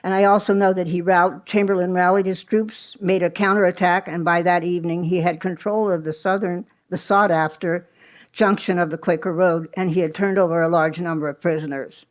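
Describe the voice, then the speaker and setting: A woman's voice: fairly low pitch, fairly even intonation, a little fast. A woman giving a live history talk at a small museum, telling the story conversationally with asides and small restarts. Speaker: history presenter.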